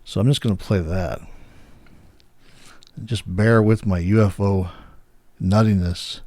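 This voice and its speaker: A man's voice: fairly low pitch, fairly even intonation, a little slow, warm tone, no echo. A man hosting, chatting casually and rambling with many fillers as he searches for words. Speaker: host. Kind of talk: casual chat.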